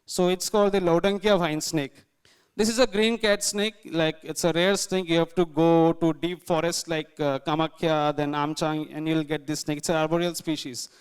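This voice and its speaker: Higher-voiced man lecturing. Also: fairly even intonation, moderate pace, clear, resonant tone. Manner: informal, explanatory, many fillers like "like" and "you know". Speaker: guest lecturer. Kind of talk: lecture talking through slides.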